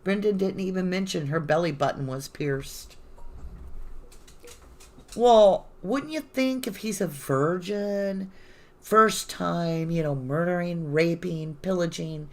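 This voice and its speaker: Low-voiced woman, sarcastic true-crime host. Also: slow pace, darkish tone. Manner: sarcastic, indignant asides. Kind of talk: live reading of court papers with commentary. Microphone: phone.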